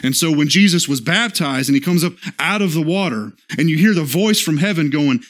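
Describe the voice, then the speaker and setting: Guy preaching a sunday sermon, earnest, keeps going "okay?" to the room, slows way down for scripture. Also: fairly high pitch, lively intonation, a bit bright. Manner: earnest preaching, often checking in with "okay?" and "right?"; slows for scripture quotes, acts out short dialogue. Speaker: pastor.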